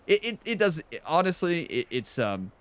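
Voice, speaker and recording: A young man hosting his own golf video game channel, chatting casually over gameplay, laughing often and swinging between frustration and excitement. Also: fairly high pitch, normal speed, clean tone. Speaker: gaming channel host.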